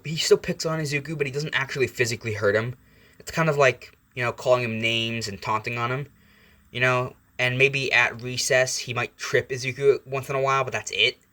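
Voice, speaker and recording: A man's voice: medium pitch, a bit bright. Chatty young man telling a fan story. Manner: chatty, rambling, with fillers and self-corrections. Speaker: channel host and storyteller. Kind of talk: casual fan-fiction storytelling.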